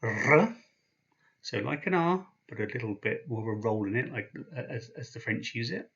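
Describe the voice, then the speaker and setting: Man, language teacher, animated pitch, dull lo-fi recording. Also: a little fast, vocal fry. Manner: patient, spells out each sound. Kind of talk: explaining slowly, with pauses.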